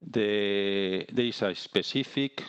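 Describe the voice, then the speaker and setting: Deep-voiced man speaking with hesitant care. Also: clear, resonant tone, dry recording, highs cut off. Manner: measured, hesitant, many fillers and restarts. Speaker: panelist. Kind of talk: online panel discussion remarks.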